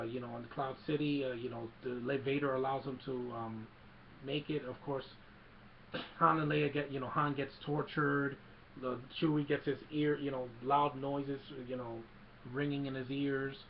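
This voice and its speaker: Rambling man with a gravelly voice. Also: medium pitch, highs cut off, slight background noise. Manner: rambling, many fillers, acts out quotes. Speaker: film recap vlogger. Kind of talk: casual movie retelling.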